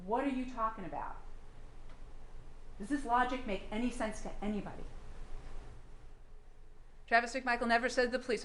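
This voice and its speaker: A woman's voice: on the high side, steady tone, moderate pace, pauses often, fairly bright tone, roomy sound. A woman prosecutor delivering a courtroom closing argument, firing pointed rhetorical questions at the jury.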